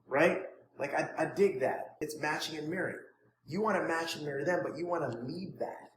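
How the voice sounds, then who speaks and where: A man coaching students on prospecting in an energetic, informal way, acting out sample conversations. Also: on the high side, fairly quick, a little hiss or hum. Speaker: network marketing trainer. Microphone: phone. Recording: echoey room, faint ambience, phone recording.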